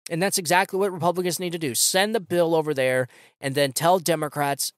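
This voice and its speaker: A male podcast host rants about politics in a sarcastic, casual way peppered with slang. His voice sits high and he talks fast, captured in a dry, clean studio recording.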